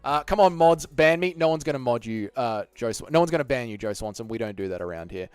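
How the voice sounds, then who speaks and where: A man's voice: mid-range voice, lively intonation, fast talker, smooth, no echo. An Australian man hosting a casual live stream, bantering and swearing as he reads out chat messages. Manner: profane, joking banter with chat.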